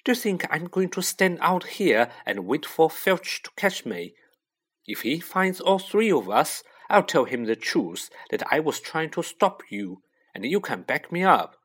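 A man voicing a bossy, know-it-all schoolgirl who scolds in a shrill, hissing voice. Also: big pitch swings, measured pace, a bit bright, slightly rough, heavily acted. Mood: insistent.

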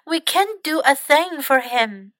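A woman voicing a sensible, slightly worried animal friend in a storybook, speaking calmly and matter-of-factly. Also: high-pitched, takes it slowly, dry recording, studio quality, pitched above the performer's own voice, full character voice.

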